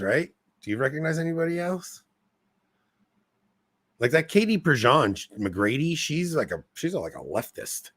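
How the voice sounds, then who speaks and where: A man's voice: medium pitch, a bit bright, no echo. A young man co-hosting a podcast in casual chat, rambling and self-mocking with frequent laughs. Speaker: podcast co-host.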